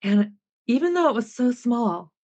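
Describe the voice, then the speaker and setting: A woman's voice: a little high, moderate pace. Woman in her sixties telling a story. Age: 60s. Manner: animated storyteller who acts out remembered dialogue. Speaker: podcast guest. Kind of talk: personal storytelling in an interview.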